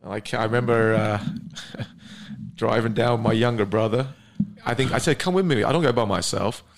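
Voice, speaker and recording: A man's voice: medium pitch, moderate pace, vocal fry. A man from England with an English accent, a guest telling his story earnestly in a casual interview. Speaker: guest, entrepreneur.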